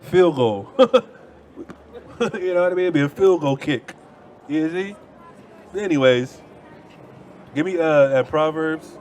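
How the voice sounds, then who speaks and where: A man holds forth on a city street into a handheld mic, his voice sitting a little high. He argues hard and brushes his opponents off, repeating himself as the debate heats up. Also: lively intonation, slow pace, pauses often, darkish tone, a little hiss or hum. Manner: confrontational, dismissive, repeats himself. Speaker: street preacher.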